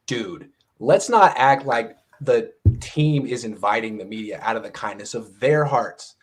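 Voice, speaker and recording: A man's voice: medium pitch, expressive, moderate pace, darkish tone, husky. A man hosting a casual sports talk show, speaking animatedly and acting out other people's voices when he quotes them. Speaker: podcast host.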